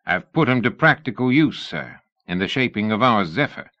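A man's voice: on the low side, expressive, normal speed, bright, forceful tone. A man voicing a proud mechanic. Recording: dull lo-fi audiobook recording.

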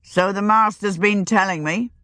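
A woman's voice: mid-range voice, moderate pace, bright, forceful tone, dry recording, clean studio sound, pitched above the performer's own voice, natural voice. A woman reading the part of a smirking middle-aged male sheep dealer, with an offhand delivery.

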